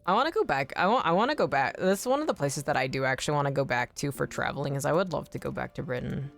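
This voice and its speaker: An American woman chatting casually on a game stream, animated, swearing freely and laughing often. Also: deep voice, rapid-fire, vocal fry, faint music behind. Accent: General American. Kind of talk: casual chat while streaming.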